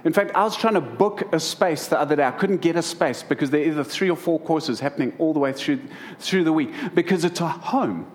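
A man's voice: fairly high pitch, brisk, hardly any pauses. A middle-aged man preaching to a congregation, telling humorous stories about family life. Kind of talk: sermon.

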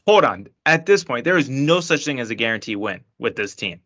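A man's voice: medium pitch, sing-song, brisk, fairly bright tone, lo-fi sound. A man co-hosting a casual sports podcast, laid-back and wry, often laughing along. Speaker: podcast co-host.

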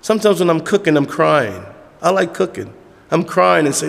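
Pastor, male, slightly high-pitched, preaching with repeated emphatic lines and sudden hushed drops, long church-hall echo. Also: very animated, normal speed, gravelly. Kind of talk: sermon. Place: church sanctuary.

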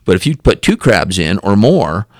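A low-pitched man tells a story as a podcast guest and acts out each person's lines with lively shifts. He repeats and restarts words as he goes. The recording is dry and close, with no room sound. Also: moderate pace, dry recording. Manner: animated storyteller acting out quoted dialogue.

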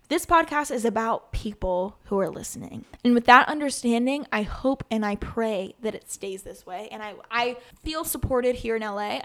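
A woman in her twenties hosting her own podcast, talking in an earnest, chatty way with lots of "like" and restarts. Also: on the high side. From USA. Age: 20s. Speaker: podcast host. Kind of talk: casual solo podcast talk.

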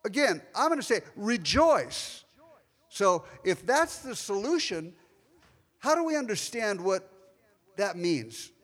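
Middle-aged male pastor, higher voice, lively sermon delivery with loud emphasis and soft asides, church hall echo. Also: takes it slowly. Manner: animated preaching, shifts between loud emphasis and quiet asides. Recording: long hall reverb.

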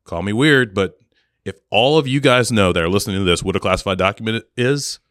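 A man co-hosting a podcast in casual chat, sarcastic and animated, laughing often. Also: on the low side, fairly quick, dry recording, clean studio sound. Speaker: podcast co-host.

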